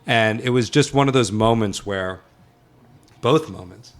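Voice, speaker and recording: A man, a guest filmmaker, telling an animated story and acting out the voices of the people in it. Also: lowish voice, measured pace. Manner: excited, acts out dialogue in quotes. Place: film set.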